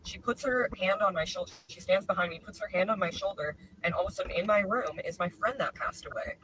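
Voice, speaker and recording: A man earnestly telling a personal story to camera, animated and sincere. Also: high-pitched, fast talker. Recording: distant mic with noise.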